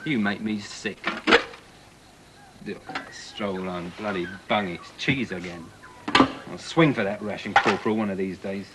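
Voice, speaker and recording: An actor playing a cocky, mocking young soldier. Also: male voice, fairly low pitch, heavy background noise, natural voice. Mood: sneering. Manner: sneering, mocking, quick-tongued. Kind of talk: 1980s television drama acting.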